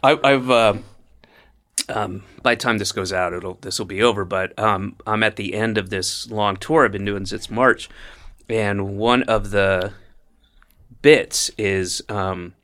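Man, podcast host, casual chat, loud laugh, bright tone. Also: fairly low pitch, steady tone, measured pace. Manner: laughs loudly, tells stage bits with acted quotes.

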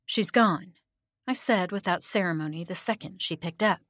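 Soft-spoken woman narrating a horror story. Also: fairly low pitch, a little fast, dry recording, clean studio sound. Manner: soft-spoken, often dropping to a hushed whisper.

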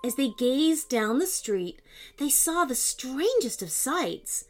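Woman, children's storyteller, unhurried, very expressive pitch, faint music behind. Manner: animated, expressive reading with sound effects.

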